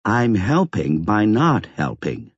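A man's voice: fairly low pitch, huge pitch swings, slow pace, husky, dry recording, exaggerated voice. A man voicing an unflappable older woman in an audiobook, wry and matter-of-fact, on a slightly dull lo-fi recording. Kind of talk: audiobook character voice.

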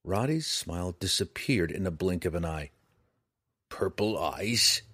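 Expressive husky male narrator. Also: low voice, moderate pace, dry recording, clean studio sound. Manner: dramatic, expressive reading. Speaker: audiobook narrator. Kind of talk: scripted fantasy narration.

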